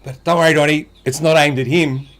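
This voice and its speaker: A man's voice: a little high, steady tone, fairly quick, a bit bright. A chatty man co-hosting a podcast, laughing as he talks his way through his segment. His voice sits slightly above the usual male range. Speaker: podcast co-host. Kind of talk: casual banter.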